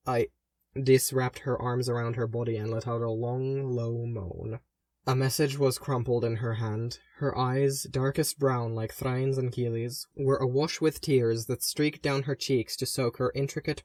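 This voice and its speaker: Man softly narrating a fan audiobook. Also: mid-range voice, no echo, clean studio sound. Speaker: audiobook reader.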